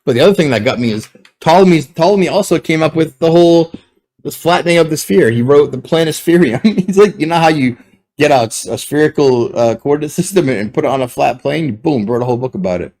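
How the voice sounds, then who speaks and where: A man in a casual podcast discussion, laughing now and then and restarting sentences as he gets animated. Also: on the high side, fast talker.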